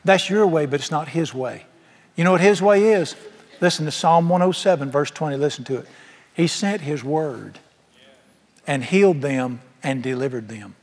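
A man's voice: fairly high pitch, normal speed, big-room sound. A man preaching a sermon in a large church, folksy and emphatic, firing rhetorical questions at the congregation. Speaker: pastor.

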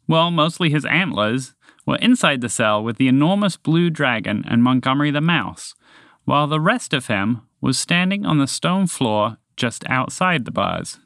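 A man reading a children's story aloud in a lively, expressive way. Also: mid-range voice, moderate pace, creaky, no echo, studio quality.

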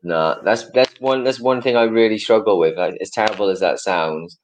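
A man's voice: fairly low pitch, moderate pace, a little hiss or hum, low-quality recording. A man in his thirties, from Wales, chatting casually as a guest, rambling and correcting himself with small chuckles. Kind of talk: casual chat.

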